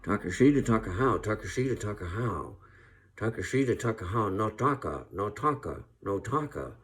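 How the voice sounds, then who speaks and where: A man impersonating a laconic cowboy with a slow drawl. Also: fairly low pitch, expressive, a bit bright.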